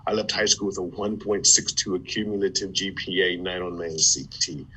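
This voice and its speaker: Low-voiced storytelling man from Ohio. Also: fairly quick, husky, poor audio. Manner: animated, with stammered restarts. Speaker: guest, former football player turned motivational speaker. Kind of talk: conversational storytelling.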